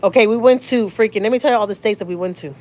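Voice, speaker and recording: She talks very fast in a mid-range, darkish voice, with slight noise in the background. This Houston, Texas vlogger with a Houston accent chats with viewers from her car over a phone livestream, reading comments and cursing freely.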